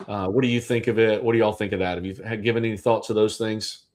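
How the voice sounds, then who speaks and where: A man's voice: lowish voice, fairly even intonation, quick pace, a little mellow. A man hosting a casual livestream discussion as a real estate agent, thinking aloud with restarts.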